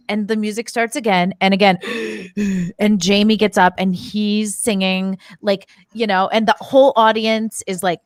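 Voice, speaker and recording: Female podcast guest, mid pitch, close dry sound, conversational and vivid. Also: no echo. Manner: chatty and sympathetic, tells stories vividly. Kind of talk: casual chat.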